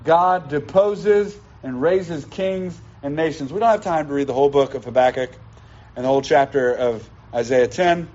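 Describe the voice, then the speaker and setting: A man's voice: fairly high pitch, moderate pace, darkish tone. Emphatic male preacher, muffled sound. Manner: emphatic teaching, repeats key lines. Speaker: pastor. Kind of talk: sermon. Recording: dull lo-fi sound.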